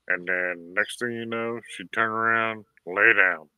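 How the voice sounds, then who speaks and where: A man's voice: on the low side, sharp tone, clear, resonant tone. A man telling folksy stories in casual chat on a live show. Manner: drawling storyteller, folksy. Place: rural home.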